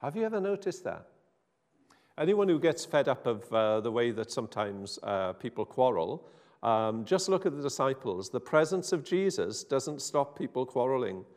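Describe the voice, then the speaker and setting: A man's voice: mid-range voice, sing-song, normal speed, a little mellow. A man preaching an informal sermon in a chatty, wry, self-interrupting way. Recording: hall reverb.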